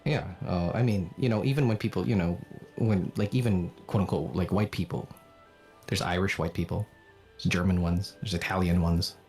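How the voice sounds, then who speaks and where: A man raised in the Philippines chatting casually on a livestream, animated, swearing and laughing often. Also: sits low, normal speed, soft background music. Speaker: streamer and voice actor.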